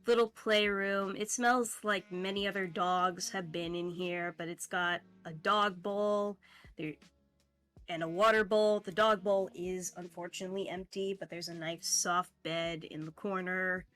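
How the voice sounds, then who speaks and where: A woman narrating a tabletop game as game master, talking in a relaxed way with fillers and laughs. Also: on the low side, a little slow, soft background music.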